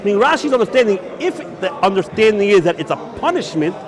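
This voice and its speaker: A man's voice: high voice, very animated, fast talker, crowd noise. A man, a rabbi, teaching Jewish law in a yeshiva lecture. He asks questions and answers them himself, and he mixes Hebrew and Yiddish terms into his English.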